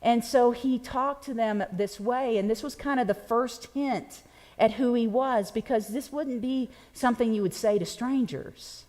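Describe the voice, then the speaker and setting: A woman's voice: fairly high pitch, measured pace, darkish tone. Playful woman preaching in a reverberant church. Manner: conversational, playful, addresses congregation directly. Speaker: pastor. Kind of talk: sermon. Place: church sanctuary.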